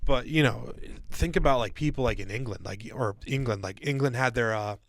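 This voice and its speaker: Casual male podcast co-host with a mid-pitched voice, rambling with lots of fillers, dry recording. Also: a little fast, vocal fry, no echo. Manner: casual, calls listeners "guys" and "dude".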